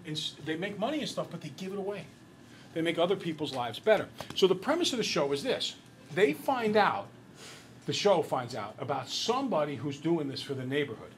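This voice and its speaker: A man's voice: a little high, a little hiss or hum, low-quality recording. A man teaching a math class, telling a long story and quizzing his students as he goes. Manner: lively, chatty storyteller who quizzes the class.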